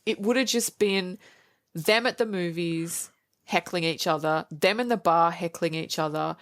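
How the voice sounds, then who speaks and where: A woman talks through a film on a podcast, animated and quick to act out lines from scenes. Her voice sits a little low, and the sound is dry and close. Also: dry recording. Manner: animated, acts out quoted lines. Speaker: podcast co-host. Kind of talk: casual movie review chat.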